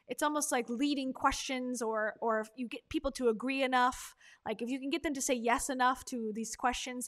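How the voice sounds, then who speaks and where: A woman hosts a livestream and pauses a speech clip to pick it apart. Her voice runs slightly high, and her talk is loose and skeptical, packed with fillers. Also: bright, forceful tone. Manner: chatty, critical, many fillers. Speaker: livestream commentator. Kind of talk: casual commentary on a clip.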